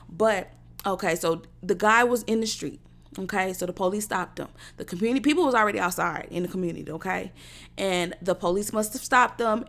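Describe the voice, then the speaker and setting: Gravelly-voiced woman ranting bluntly. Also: medium pitch. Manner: blunt and profane, repeating phrases for emphasis. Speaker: host of a talk show. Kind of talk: unscripted monologue.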